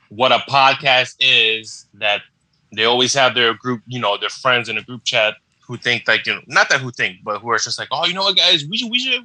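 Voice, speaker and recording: A man's mid-range voice comes across pushed and bright on a poor recording with no echo. Co-hosting a podcast, he tells relaxed stories studded with slang and curses.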